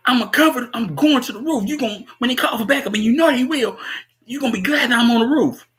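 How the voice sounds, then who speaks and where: Give me a man playing a jittery young man, high and urgent. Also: fast talker, fairly bright tone. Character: jittery young man eager to slip away.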